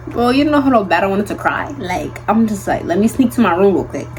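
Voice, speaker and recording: A young woman recounts a story for her vlog, talking in an animated, slangy rush of fillers. Her pitch sits in the middle, and soft music plays faintly behind her. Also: a little fast, rough recording. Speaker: vlogger.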